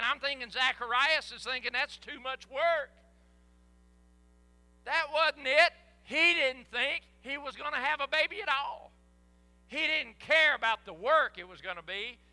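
An older man preaching a sermon in a church, animated and folksy, with sudden whoops. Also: very high-pitched. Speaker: pastor. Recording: echoey hall.

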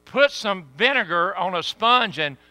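A man preaching a sermon with sudden swings between loud emphasis and hushed asides. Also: sits high, animated, a little slow, no room sound.

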